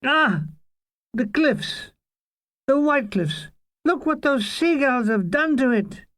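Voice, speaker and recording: A man narrating his own war memoir as an audiobook, with deadpan, irreverent comic delivery. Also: very high-pitched, takes it slowly, no echo.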